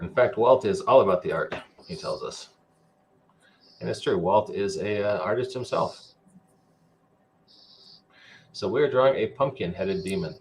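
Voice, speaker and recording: A man's voice: deep voice, slight background noise. A man hosting a podcast in casual chat, playful and jokey, reading out viewer comments. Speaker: podcast host.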